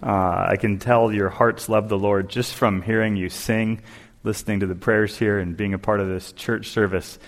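A man delivering a sermon as a guest preacher, telling an animated story and acting out its voices. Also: on the low side, normal speed. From Southern California. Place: church sanctuary. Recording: long church hall reverb.

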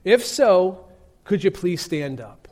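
A man's voice: high voice, expressive, slow, a little mellow, exaggerated voice. A man voicing a polite English woman TV host, announcing to a studio audience. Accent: English, as put on.

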